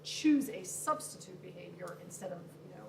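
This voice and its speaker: A woman hosting a talk show and asking a guest a quick, rambling question. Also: mid-range voice, expressive, a little hiss or hum. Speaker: host. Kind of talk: interview questions.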